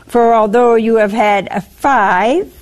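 A woman preacher voicing a calm male teacher. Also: on the high side, slow. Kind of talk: sermon.

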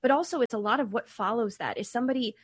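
A woman from Ireland hosting a radio talk show, chatty and quick, inviting callers to phone in. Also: on the high side, breathy edge, dry recording. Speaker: radio host.

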